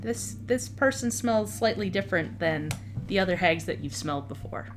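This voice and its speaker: A woman's voice: medium pitch, lively intonation, moderate pace, faint music behind. A woman narrating a tabletop game as dungeon master, describing scenes with occasional stumbles and repeated words.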